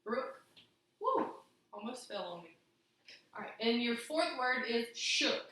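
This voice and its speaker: A young woman teaching a phonics lesson to small children, slowly sounding out each word. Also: a little high, very animated, pushed and bright. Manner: slow, clear sounding-out of words. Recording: very echoey room.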